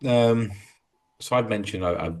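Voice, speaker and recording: A man's voice: lowish voice, unhurried. A man co-hosting a casual golf podcast, rambling and jokey as he talks through his betting tips. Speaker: podcast co-host.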